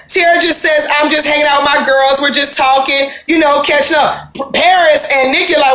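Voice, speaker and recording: Chatty, high, bright-voiced woman recapping. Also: moderate pace, roomy sound, low-quality recording. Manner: chatty, opinionated, acts out quotes with slang. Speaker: reality TV recap host. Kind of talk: casual recap commentary.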